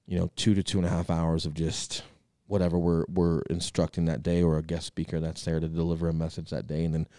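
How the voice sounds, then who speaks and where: Male podcast co-host, 30s, rapid and energetic, cusses for emphasis, deep voice. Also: no echo, studio quality. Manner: energetic, emphatic, swears freely. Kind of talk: casual podcast chat.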